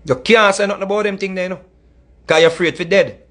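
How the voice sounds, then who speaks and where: A man's voice: sits high, steady tone, fast talker, fairly bright tone. A middle-aged man with a Jamaican accent, delivering a heated, scolding monologue that mixes in Patois and repeats his points. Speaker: music commentator.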